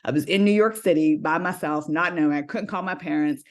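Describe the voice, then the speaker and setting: An animated woman tells stories as a panel guest. Her voice sits a little low, and she brings lively energy to the dialogue she acts out. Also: brisk. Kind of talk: casual panel discussion.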